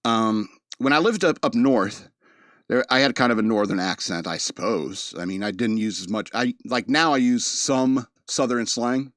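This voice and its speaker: At a normal speed and with a fairly bright medium-pitched tone, a man with a mid-Atlantic accent from the East Coast jokes his way through a casual monologue as a podcast host. He rambles and laughs often, and the dry recording has no room sound.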